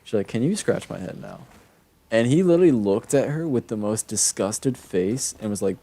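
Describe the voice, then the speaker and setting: A man's voice: fairly low pitch, lively intonation, moderate pace, warm tone. A young man streaming a game, telling a long personal story in a casual, rambling way with many fillers and restarts. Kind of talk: casual storytelling while gaming.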